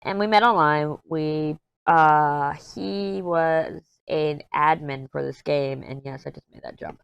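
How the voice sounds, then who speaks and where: A woman's voice: deep voice, steady tone, slow pace, gravelly, clear, resonant tone, dry recording, highs cut off. A woman in her thirties chatting casually as a crafting vlogger while she works, rambling, easily sidetracked, candid and jokey. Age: 30s. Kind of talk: casual chat while diamond painting.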